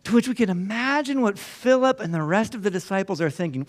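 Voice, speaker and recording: A man's voice: high voice, lively intonation, brisk, few pauses. A man pastor giving a sermon in a conversational, storytelling way, acting out what people in the story say. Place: church.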